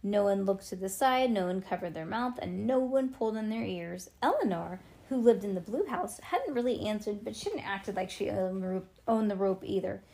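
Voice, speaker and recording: A woman reading a children's storybook aloud, playful and relaxed, who breaks off for chatty asides to her young listener. Her pitch sits in an ordinary middle range. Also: moderate pace, gravelly, few pauses. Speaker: storybook reader.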